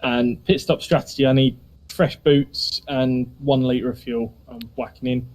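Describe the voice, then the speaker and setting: A man's voice: medium pitch, level tone, a little slow, a little mellow. A man racing and chatting on a voice call, teasing and offhand. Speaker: racer and co-commentator. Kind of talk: casual chat while racing. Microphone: gaming mic on a voice call.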